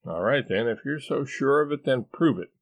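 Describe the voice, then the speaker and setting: A sharp-tongued, exasperated wife questions everything her husband says with incredulous, teasing jabs, as a man reads her part. Her voice swings lively up and down, lifted above the reader's own low tone. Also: moderate pace.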